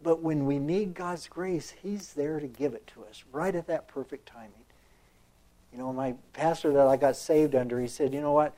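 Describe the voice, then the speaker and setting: A man's voice: a little high, moderate pace, warm tone. A man preaching a sermon in a reflective, conversational way, full of fillers and restarts as he reads and comments on scripture.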